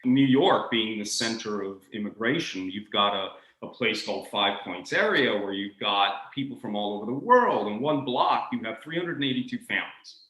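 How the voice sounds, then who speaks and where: A man talking about the history of accents as a guest, animated and expressive, often restarting his sentences. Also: lowish voice, roomy sound, low-quality recording. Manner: expressive, acts out accents in quick asides; frequent restarts and stammered repeats. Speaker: guest speaker on linguistics. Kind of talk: animated conversational lecture.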